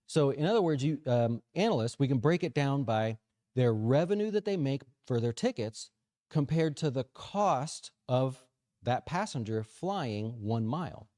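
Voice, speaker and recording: A man hosting a casual market commentary show, chatty and animated, often checking in with "right?". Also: medium pitch, measured pace, no echo, studio quality. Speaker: financial advisor show host.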